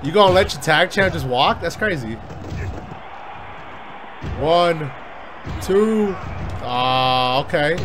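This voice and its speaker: Male gamer, fairly high voice, cursing and hyped, game music underneath. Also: slow, pauses often. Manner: excitable, profane, yelling at the game. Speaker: gaming YouTuber. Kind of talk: let's-play commentary.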